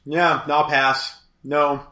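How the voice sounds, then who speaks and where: Man, podcast co-host, bright voice, terse dry responses. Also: a little high, little pitch movement, takes it slowly. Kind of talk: casual chat.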